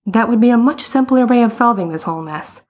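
A woman's voice: a little high, expressive, brisk, a little mellow, pitched above the performer's own voice. A woman voicing a blunt, reasonable young man in a story, speaking in a matter-of-fact, probing way. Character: blunt, reasonable older brother Edward.

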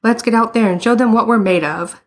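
A woman's voice: fairly high pitch, brisk, pitched above the performer's own voice, natural voice. A woman reading the part of a grown man coaching a hockey team, rallying and bemused. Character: adult male hockey coach.

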